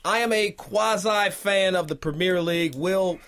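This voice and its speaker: A male host with a high voice for a man, running a laid-back sports talk show. He keeps things joking and easygoing. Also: unhurried, fairly bright tone. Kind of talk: casual sports chat.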